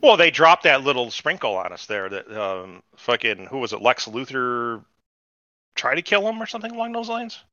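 Guy on a podcast, swears a lot, bright voice that jumps around, kinda lo-fi. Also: medium pitch, big pitch swings, normal speed, no echo. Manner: profane, rambling recap. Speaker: podcast host. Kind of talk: casual chat.

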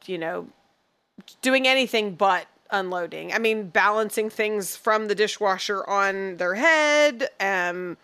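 A middle-aged woman co-hosting a podcast, telling a family story in an animated, chatty way and slipping into voices when she quotes people. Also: mid-range voice, slow pace, smooth. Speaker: podcast co-host. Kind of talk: casual chat.

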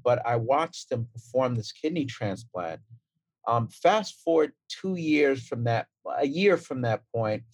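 A man's voice: medium pitch, measured pace, no room sound. Brooklyn-accented man telling stories. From Brooklyn, New York. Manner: relaxed storytelling with fillers and restarts. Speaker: transplant surgeon guest. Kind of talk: casual interview talk.

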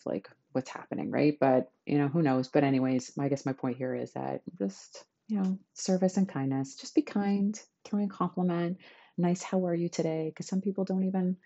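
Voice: medium pitch, vocal fry, warm tone, breathy edge, lo-fi sound. A podcast host giving a chatty, enthusiastic self-help talk to listeners.

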